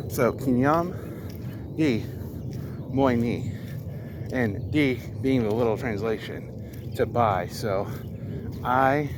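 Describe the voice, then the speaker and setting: A man's voice: on the low side, background noise. A man vlogging outdoors on a path, explaining foreign phrases in a casual, hesitant way and sounding out words with care. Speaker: vlogger learning a language. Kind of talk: casual explanation while walking.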